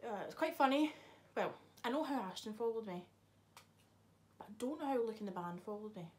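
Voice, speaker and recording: A woman's voice: on the high side, expressive, brisk. A young woman, chatting casually to camera in a vlog, swearing freely and teasing someone off camera. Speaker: vlogger. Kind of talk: casual chat.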